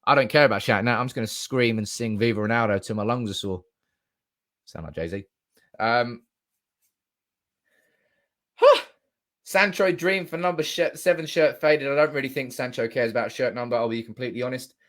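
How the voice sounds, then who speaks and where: Reading comments from his chat, a young live streamer gets animated and cusses without holding back. He has a medium pitch, talks at a moderate pace and pauses often.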